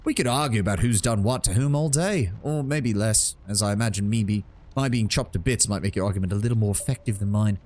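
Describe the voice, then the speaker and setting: A man voicing a shifty, smooth-talking adult male smuggler captain in a vaguely British put-on accent while reading game dialogue aloud. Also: on the low side, quick pace, few pauses, a little mellow, lightly acted.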